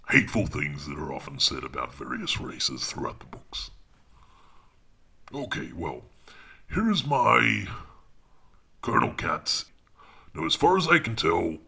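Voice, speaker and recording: Deep gravelly guy, slow and kinda husky, awkward defensive rambling. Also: bright, forceful tone. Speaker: audiobook narrator. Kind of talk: deadpan comedy monologue.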